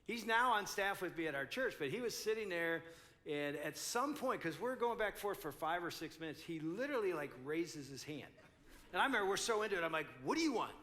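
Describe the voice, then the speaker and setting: A man's voice: high voice, animated, a little fast, pushed and bright. An older man in his sixties, a pastor speaking at a couples conference, telling a story animatedly and acting out both sides.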